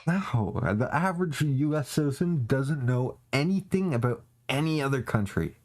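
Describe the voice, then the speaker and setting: A man's voice: medium pitch, expressive, normal speed, darkish tone. Profane ranting young Canadian man. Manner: profane, ranting, laughing often. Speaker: streamer. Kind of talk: casual gaming stream chat.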